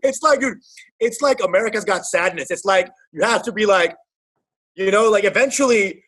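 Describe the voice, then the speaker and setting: Brief: young male comedian, husky and high-pitched, loose jokey podcast banter. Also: normal speed, fairly bright tone. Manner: joking, laughing, riffing on bits.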